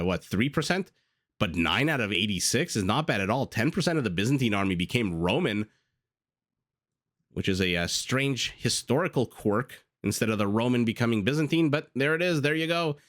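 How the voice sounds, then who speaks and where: A man with a fairly low voice gives relaxed post-game commentary on a strategy match. He talks in a chatty, self-mocking way and often stops for filler pauses. The recording is dry and close to the mic. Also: no room sound. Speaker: game caster.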